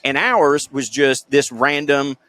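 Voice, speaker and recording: A man with a Southern US accent co-hosting a podcast, talking in an animated, profane way as he tells stories. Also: medium pitch, takes it slowly. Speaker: podcast co-host. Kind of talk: casual comedic chat.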